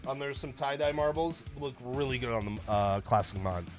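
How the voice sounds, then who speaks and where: A man's voice: medium pitch, normal speed, soft background music. A man hosting a livestream, chatting casually and joking with viewers in a rambling way. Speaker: stream host.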